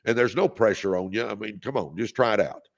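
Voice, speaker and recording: Man host, gravel in the voice, preachy motivational livestream delivery. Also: lowish voice, a little fast. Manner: preachy, exhorting, leads call-and-response; reads out viewer comments. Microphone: phone or webcam on a livestream.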